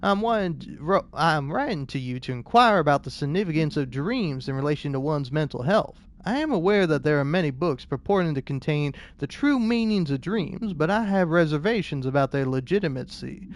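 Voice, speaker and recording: A man's voice: fairly high pitch, expressive. A man voicing a formal letter-writer troubled by vivid dreams, in a put-on British accent. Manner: formal, measured reading.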